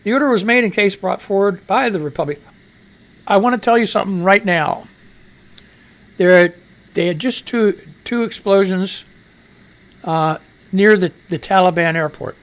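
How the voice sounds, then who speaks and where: Profane rambling American radio host. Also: male voice, high voice, moderate pace, long pauses. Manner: profane, rambling, talks to himself. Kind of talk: casual live-stream news commentary.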